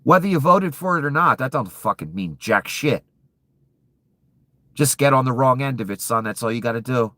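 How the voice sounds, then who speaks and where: A man's voice: medium pitch, expressive, normal speed, pushed and bright, dry recording. Furious, profane man ranting. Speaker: political commentator. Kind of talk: angry political rant.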